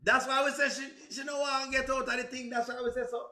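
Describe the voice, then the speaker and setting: A man's voice: extremely high pitch, level tone, fast, sharp tone, roomy sound. A man with a Jamaican accent chatting casually on a livestream, answering viewers, laughing often and exclaiming to himself. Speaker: livestream host.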